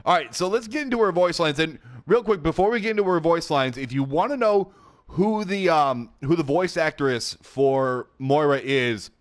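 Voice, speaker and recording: A man hosting a casual game commentary video from his home setup, talking into a headset mic in a chatty, excitable way, often laughing and filling pauses. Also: on the high side. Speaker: gaming YouTube host. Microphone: gaming headset.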